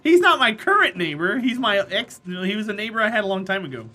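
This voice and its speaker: Woman streamer, bright mid-pitched voice, casual and blunt, argues with chat. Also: sing-song, brisk. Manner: blunt, opinionated, answering chat by name. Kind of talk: casual live-stream chat while gaming.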